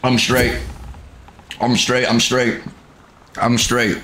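A young man gives profane live commentary on his game, muttering at times and yelling at others. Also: medium pitch, little pitch movement, slow pace. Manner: profane, swings from mutters to loud outbursts. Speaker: gamer streaming his play. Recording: echoey room with clear noise.

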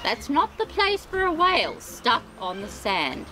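A woman reading a children's storybook aloud as host, expressive and sing-song, with chatty asides of sympathy. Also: sits high, measured pace, a little hiss or hum, poor audio. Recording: reading over background music. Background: music.

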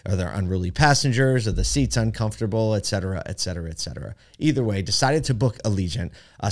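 A man hosting a podcast, telling a story in a chatty way with many fillers and asides. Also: lowish voice. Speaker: podcast host. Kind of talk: casual storytelling monologue.

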